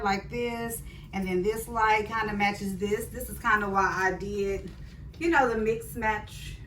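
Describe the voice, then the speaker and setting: A woman's voice: fairly high pitch, bright, forceful tone, recorded from a distance, a little hiss or hum. Chatty woman vlogger in an echoey room. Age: 40s. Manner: chatty, talks straight to viewers as "girl" and "sis". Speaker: fashion vlogger. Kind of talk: casual try-on haul chat.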